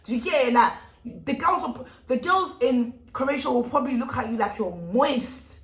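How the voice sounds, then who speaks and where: A young woman tells a storytime vlog with animated, emphatic delivery and heavy slang. Her voice sits a little high. The room adds a noticeable echo. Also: moderate pace. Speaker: vlogger. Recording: echoey room.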